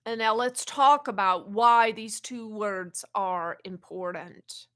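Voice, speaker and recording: A woman channeling an ancient wise spirit in a spiritual teaching talk, speaking slowly and haltingly and often repeating words. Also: mid-range voice, a bit bright. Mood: calm teaching. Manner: slow, halting, repeats words while searching.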